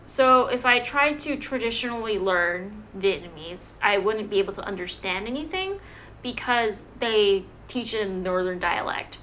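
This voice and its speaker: A young woman from Hawaii in casual chat, an animated, self-deprecating storyteller who fills her talk with "um" and "like". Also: medium pitch, moderate pace, a little hiss or hum.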